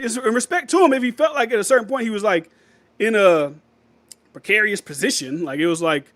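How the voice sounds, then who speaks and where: A man's voice: sits high, a little fast, a bit bright, dry recording. A man hosting a casual livestream, rambling loosely, laughing often and reading viewer comments aloud. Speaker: livestream host reading chat.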